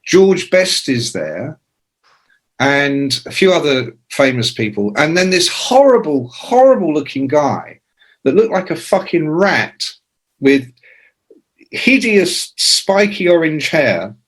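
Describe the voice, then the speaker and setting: A man in his sixties, a rock journalist telling profane, lively anecdotes as a podcast guest. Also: on the high side, slow pace, husky. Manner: lively, profane, acts out quoted voices. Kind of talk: anecdotal storytelling in a podcast interview.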